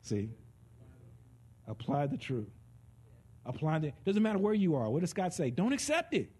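A man preaching a conversational sermon. He is animated and joking, and swings between soft and loud delivery. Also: a little high, normal speed, husky.

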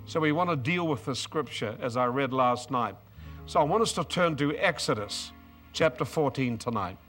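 A man's voice: medium pitch, expressive, normal speed, a bit bright, soft background music. A man in his seventies with an Australian accent, preaching an emotional, exuberant sermon with bursts of praise and repeated words.

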